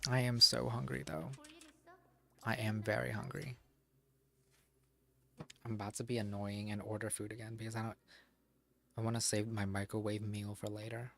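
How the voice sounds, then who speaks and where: A man's voice: lowish voice, flat delivery, moderate pace, gravelly, long pauses, pushed and bright. A man streaming from home who chats casually, rambles to himself, and swears freely. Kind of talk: casual live-stream chat.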